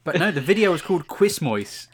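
A man's voice: fairly high pitch, very animated, fairly quick, breathy edge. A man co-hosting a podcast, telling anecdotes and slipping into silly voices in casual banter. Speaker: podcast co-host.

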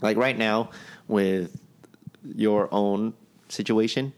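A man's voice: on the low side, steady tone, slow. A man co-hosting a podcast, chatting casually and airing loose, opinionated views with some profanity. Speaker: podcast co-host. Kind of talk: casual chat.

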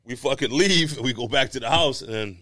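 A man's voice: mid-range voice, brisk, sharp tone. A man co-hosting a casual podcast, telling a long story with plenty of swearing and laughter. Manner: storytelling, swearing, laughing through a sad tale. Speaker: podcast co-host.

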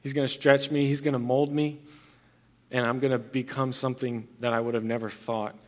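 A man's voice: medium pitch, level tone, a little fast. A young man preaching a sermon as pastor, earnest and conversational, with frequent restarts and fillers.

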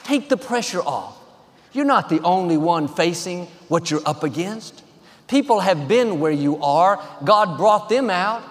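Pastor, man, high voice, upbeat sermon cadence, reverberant hall. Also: a bit bright. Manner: encouraging, declarative preaching in short rhythmic phrases.

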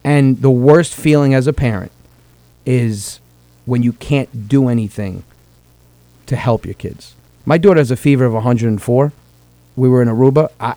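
A man's voice: medium pitch, dark tone, no room sound. Emotional man with a dry, close sound. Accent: New York-New Jersey Italian-American. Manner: emotional, swearing, repeats words when moved. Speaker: comedian podcast host. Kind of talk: earnest personal talk on a comedy podcast.

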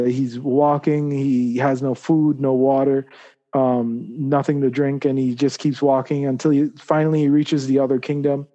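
Halting, mellow-voiced male storyteller. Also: mid-range voice, dull audio. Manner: halting, many fillers and restarts. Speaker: guest storyteller. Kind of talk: spoken parable storytelling.

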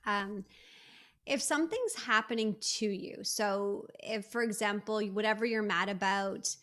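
A woman's voice: medium pitch, unhurried, fairly bright tone. A woman who is a guest on a podcast, chatting animatedly and playfully, often acting out quotes. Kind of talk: casual chat.

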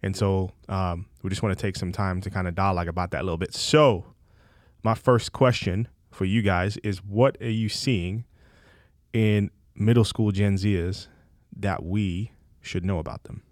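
Male podcast host, low pitch, dry close sound, easygoing. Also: fairly even intonation, normal speed, no room sound. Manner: easygoing, introduces topics with frequent ums. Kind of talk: casual podcast conversation.

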